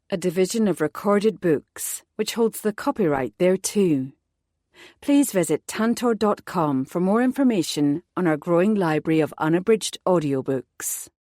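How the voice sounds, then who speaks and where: A woman's voice: medium pitch, a little mellow, dry recording. Woman narrating an audiobook, dry and close. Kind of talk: scripted first-person narration.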